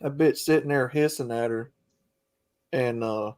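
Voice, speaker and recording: A man's voice: mid-range voice, normal speed, a little mellow, no room sound. A man telling crude anecdotes in a casual chat.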